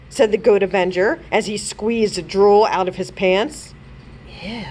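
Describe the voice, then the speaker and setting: A woman children's librarian reading a chapter book aloud in an expressive storytelling manner. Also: medium pitch, a little slow.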